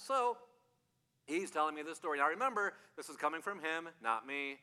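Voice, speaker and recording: A pastor delivers a relaxed, conversational sermon, circling back to key phrases and asking questions of his listeners. His voice sits a little high and rings bright. A long reverb trails his words through a large hall. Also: normal speed, clean tone. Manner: repeats key phrases, asks rhetorical questions.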